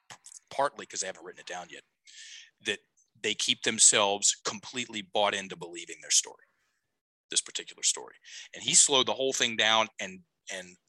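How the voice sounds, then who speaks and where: A man's voice: fairly low pitch, pushed and bright, dry recording, poor audio. A middle-aged man, a life coach, telling a long story on a podcast, restarting sentences and checking in with "okay?". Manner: rambling, self-correcting, frequent "okay?" check-ins.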